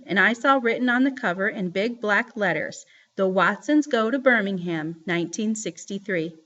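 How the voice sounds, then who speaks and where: Woman reading a kids novel aloud, kinda high voice, lively, muffled lo-fi sound. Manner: lively storytelling. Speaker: reader. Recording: dull lo-fi recording.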